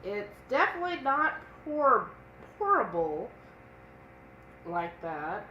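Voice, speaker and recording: A woman's voice: mid-range voice, big pitch swings, slow pace, sharp tone, roomy sound, muffled recording, slight background noise. A woman co-hosting a casual cooking live stream, chatting and reading viewer comments aloud. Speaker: cooking channel co-host.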